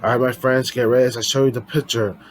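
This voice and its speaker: A man's voice: mid-range voice, steady tone, quick pace, slight background noise, poor audio. A man casually reading his own poems to viewers, rambling and often restarting sentences. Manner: rambling, with frequent restarts and self-corrections; chatty, speaks directly to viewers as friends. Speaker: poetry vlogger.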